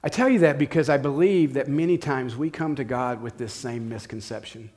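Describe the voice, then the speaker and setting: A man's voice: medium pitch, brisk, darkish tone. A middle-aged man preaching a sermon, telling a personal story in a conversational way and speaking directly to his listeners. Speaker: pastor.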